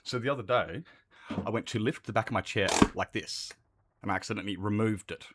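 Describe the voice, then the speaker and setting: A man's voice: lowish voice, a little fast, heavy background noise. An Australian man chatting casually and swearing freely with his viewers as a livestreamer, rambling from one thought to the next.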